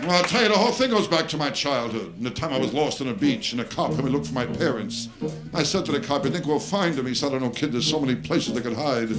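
A man's voice: mid-range voice, lively intonation, quick pace, over loud music. A man doing a stand-up comedy routine, firing off exasperated, self-deprecating one-liners on a live stage. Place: stage before a live audience. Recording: live show with band and audience laughter.

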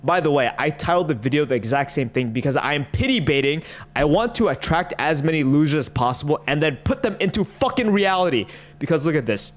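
A man with a fairly high voice rants through a reaction commentary. He is mocking and exasperated, and he swears freely. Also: animated, brisk. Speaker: online commentator.

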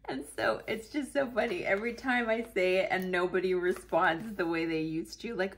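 A woman's voice: mid-range voice, normal speed, few pauses, a bit bright. A woman in her late forties, chatting casually and laughing at herself while she works on her planner. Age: 40s. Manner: chatty, giggly, self-mocking storytelling. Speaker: planner vlogger.

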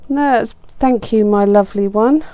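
A woman's voice: a little high, moderate pace, mellow. A woman chatting casually as she unboxes craft supplies, gushing and exclaiming over each item with chatty asides, on a desk mic close to her chin. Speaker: papercraft vlogger.

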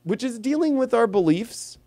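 A man hosting an astrology livestream, talking in a rambling, animated way full of fillers like "you know" and "okay". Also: very high voice, normal speed. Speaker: astrologer host. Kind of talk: livestream talk.

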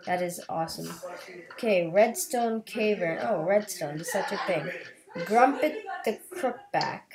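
A woman narrating her own gameplay in a let's play video, chatty and quick to exclaim at whatever appears on screen. She talks at an unhurried, drawn-out pace in a mid-range voice, playful and easily excited. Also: mid-range voice. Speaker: gaming video host.

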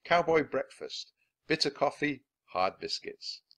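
A man's voice: on the high side, sing-song, a little slow, a bit bright, pitched above the performer's own voice, heavily acted. A man voicing a thoughtful, bookish young boy who talks earnestly.

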